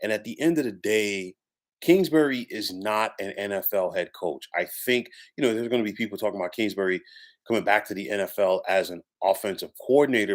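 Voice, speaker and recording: Lower-voiced man giving sports opinions. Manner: emphatic, repeats opinion phrases. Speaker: sports commentator. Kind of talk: solo sports opinion monologue.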